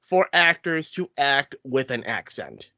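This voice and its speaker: A man's voice: mid-range voice, sing-song, takes it slowly, sharp tone, no echo. A man co-hosting a podcast, filling in background in a matter-of-fact way. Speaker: podcast co-host. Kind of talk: casual podcast chat. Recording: dull lo-fi podcast mic.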